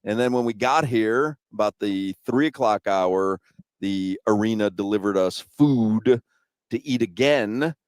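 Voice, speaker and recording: Male sports radio host, lowish voice, dry close sound; easygoing banter and smooth ad reads. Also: a little slow, dry recording. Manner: easygoing, teasing, reads sponsor copy smoothly. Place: arena suite at a live broadcast.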